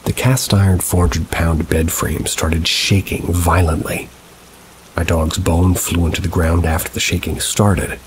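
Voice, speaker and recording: A man reading true paranormal stories aloud in a measured, somber storytelling manner with dry asides. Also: sits low, background noise. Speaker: story narrator. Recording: steady rain sounds behind the voice. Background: rain ambience.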